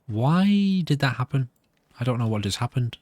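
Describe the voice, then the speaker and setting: A man's voice: medium pitch, sing-song, moderate pace, darkish tone, no echo. A nervous man giving rambling, self-amused commentary while playing a video game. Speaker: gameplay commentator.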